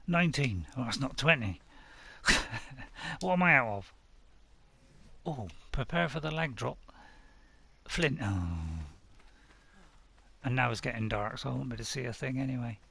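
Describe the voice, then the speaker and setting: Guy rambling over his game stream, gravelly and kinda bright, a bit high. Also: normal speed, pauses often. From United Kingdom. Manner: chatty, self-mocking, talks to viewers while playing. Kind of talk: casual live-stream commentary.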